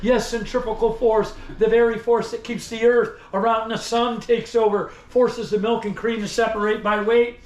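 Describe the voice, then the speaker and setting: A man in costume guides a tour through a store museum indoors, performing as a dramatic salesman from bygone days who teases and talks straight to the visitors around him. His high-pitched voice keeps a level tone at a moderate pace with few pauses; the recording is echoey with faint noise behind.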